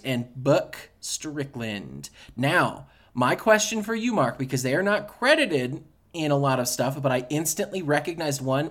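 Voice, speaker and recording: A man co-hosting a casual podcast, joking around and tripping over his words in restarts. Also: on the high side. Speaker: podcast co-host. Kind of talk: casual chat.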